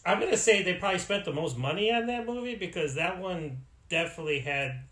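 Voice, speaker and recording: Excited guy hosting a podcast, higher voice, bright, roomy echo. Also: a little fast. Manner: enthusiastic, lots of fillers. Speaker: podcast host. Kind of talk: casual chat.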